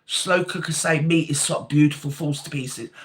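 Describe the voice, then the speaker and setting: An older woman hosts a casual live chat, her voice sitting low and steady at a normal speed. Chatty throughout, she reads out viewer comments and calls people darling and sweetheart.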